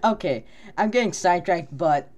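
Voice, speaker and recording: A man co-hosting a casual podcast, telling a rambling, animated story and laughing often. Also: high voice, moderate pace. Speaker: podcast co-host.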